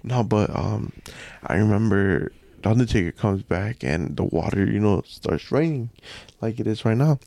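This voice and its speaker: A man's voice: lowish voice, lively intonation, normal speed, gravelly, warm tone, no room sound. A young man from a Mexican family, a podcast guest telling rambling, profane anecdotes in casual chat.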